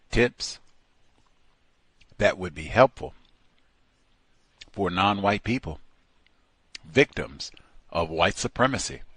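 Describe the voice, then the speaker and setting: A man hosting a call-in radio show, talking in a slow, deliberate and emphatic way. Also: low-pitched, fairly bright tone, husky, no room sound.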